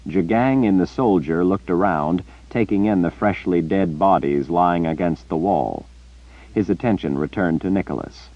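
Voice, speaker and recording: A man narrating an audiobook in a steady, expressive storytelling manner. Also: sits low, normal speed, no echo, dull audio.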